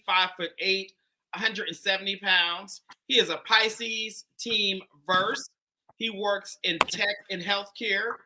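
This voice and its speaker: A man's voice: high-pitched, sharp tone, low-quality recording. A man hosting a dating show, introducing a single in a playful, chatty way.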